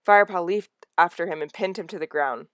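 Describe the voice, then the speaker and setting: A woman reading a novel aloud in a soft, hushed narration that drops toward a whisper in tense moments. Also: lowish voice, a little fast, no room sound. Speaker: audiobook reader.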